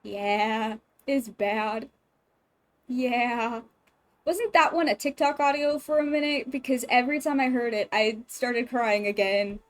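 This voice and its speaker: A woman streaming at home, chatting casually, emotionally expressive and swearing often. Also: on the high side, unhurried. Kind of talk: casual livestream chat.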